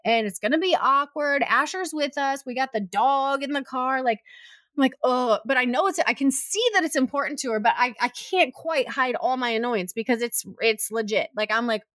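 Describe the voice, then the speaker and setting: A woman's voice: high-pitched, normal speed, a bit bright, no room sound, clean studio sound. A young adult woman telling a personal story in casual chat, with lots of "like" fillers and acted-out quotes.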